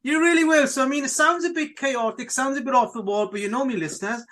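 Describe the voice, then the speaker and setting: Middle-aged male podcast host, high-pitched, enthusiastic, repeats himself a lot. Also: quick pace, a bit bright. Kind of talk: casual monologue to listeners.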